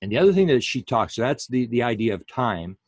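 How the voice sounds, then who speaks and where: A man's voice: mid-range voice, big pitch swings, fast talker, no room sound. A man giving an online lecture, talking unhurriedly with many fillers and restarts.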